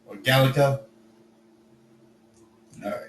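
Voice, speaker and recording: A man runs an online coding class in a loose, joking manner, his voice getting hoarse. His voice sits at an ordinary pitch. It comes from a short way off the mic in an echoey room, with a faint hiss behind it. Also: slow pace, far from the mic. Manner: relaxed, chatty, jokey with students. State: voice starting to go hoarse. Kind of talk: casual teaching over video call.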